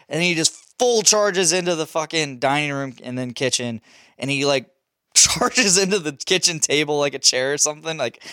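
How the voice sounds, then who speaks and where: A young man hosts a podcast, telling a casual story in a smooth, mid-range voice, laughing often and swearing freely. He's animated throughout, and the recording is studio quality with no echo.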